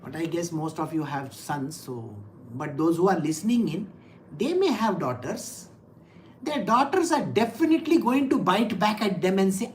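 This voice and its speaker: Speaking in a fairly low, sing-song voice, a woman spiritual teacher delivers a scripture discourse, addressing listeners directly and frequently asking them questions. She reads the verse slowly with emphasis, and the audio quality is poor.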